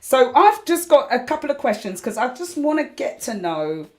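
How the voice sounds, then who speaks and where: A woman's voice: sits high, very animated, moderate pace. A woman hosting a casual online radio show, reining in her co-hosts with exasperated laughter. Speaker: host.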